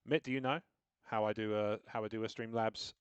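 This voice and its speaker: A man's voice: fairly low pitch, fairly even intonation, a little fast, clean tone, no room sound, dull audio. A man streaming games live, chatting casually and thinking aloud as he works out his setup, with self-deprecating asides. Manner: rambling, self-deprecating, talks through what he is doing on screen. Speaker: game streamer.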